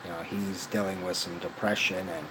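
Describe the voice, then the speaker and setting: A man's voice: low voice, little pitch movement, normal speed, noisy background. A young man telling a rambling personal story, casual and profane, full of fillers and slang. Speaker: vlogger.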